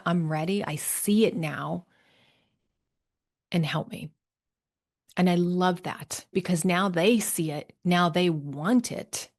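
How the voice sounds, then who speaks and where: A middle-aged woman coach talking solo on a podcast, upbeat and chatty, often tagging lines with "right?". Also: lowish voice. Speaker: midlife health coach, podcast host.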